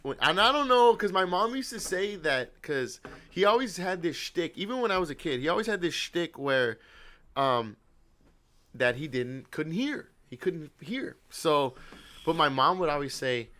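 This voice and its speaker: A man's voice: fairly high pitch, very animated, normal speed, sharp tone. A young man hosting a podcast, telling a family story in casual chat, laughing, swearing and acting out what people said. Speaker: podcast host.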